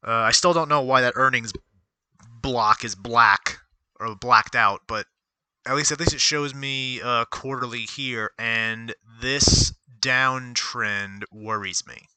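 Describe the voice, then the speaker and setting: A man's voice: medium pitch, takes it slowly, pushed and bright, slight background noise. A man giving casual live-streamed commentary on a stock as he reads it aloud, rambling and correcting himself as he goes. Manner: rambling, self-correcting, talks to himself while reading aloud.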